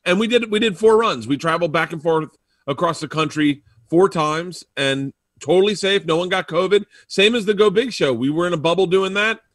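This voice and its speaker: A male comedian spins anecdotes with lots of energy, acting out each quoted line. His voice sits a little high for a man. The recording is dry and close. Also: brisk, fairly bright tone, dry recording. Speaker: comedian guest. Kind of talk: storytelling in an interview.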